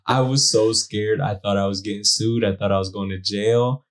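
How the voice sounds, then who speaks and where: A young man, a new father and podcast co-host, telling a story in a lively, slangy way and acting out the quotes. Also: fairly low pitch, normal speed. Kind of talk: casual storytelling chat.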